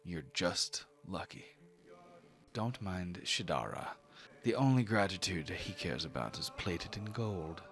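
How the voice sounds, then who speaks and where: A man's voice: deep voice, animated, a little slow, gravelly, a bit bright, faint music behind, heavily acted. A confident elf man who teases lightly and shrugs things off, as a man puts him on. The voice is raised slightly from the speaker's own and stays easy and breezy. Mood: teasing. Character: confident male elf traveler, teasing.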